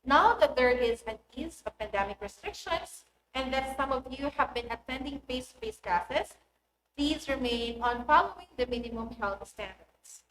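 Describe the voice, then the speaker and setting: A woman teaching an online English lesson, speaking in a clear and deliberate instructive manner. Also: high voice. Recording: echoey room with faint noise.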